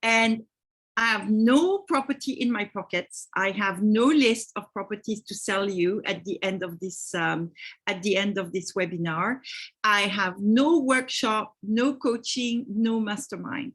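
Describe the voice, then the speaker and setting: A woman's voice: medium pitch, a little slow, fairly bright tone. French-accented woman hosting a webinar. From France. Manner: friendly, greets attendees by name. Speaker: webinar host. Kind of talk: live online webinar.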